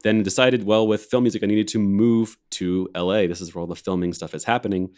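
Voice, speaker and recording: Deep-voiced laid-back American man. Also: fairly even intonation, brisk, a little mellow, smooth. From Alabama, USA. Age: 30s. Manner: laid-back, rambling, laughs often. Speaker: organist and film composer, co-host. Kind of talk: casual chat. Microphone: video call.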